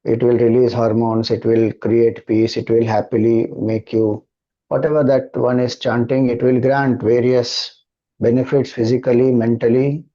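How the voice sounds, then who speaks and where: A man with an Indian English accent, a spiritual teacher giving a devotional talk and answering questions in a slow, measured, calm cadence. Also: medium pitch, dull audio.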